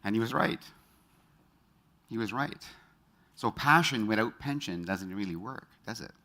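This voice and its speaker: A middle-aged man speaks from a stage to a live audience, his low voice carrying a bright, forceful edge. He tells personal stories and throws quick questions out to the crowd. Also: animated. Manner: engages the audience with quick show-of-hands questions; storytelling, personal anecdotes. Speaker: speaker at a motivational talk. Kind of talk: motivational stage talk.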